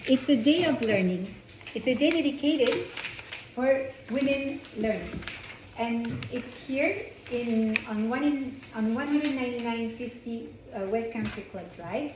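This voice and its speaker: Speaking at an unhurried pace in a fairly high voice, the woman from France gives a relaxed Torah class with a French accent. She is chatty and self-correcting, restarting sentences often. The small indoor classroom sounds echoey, and there is background noise.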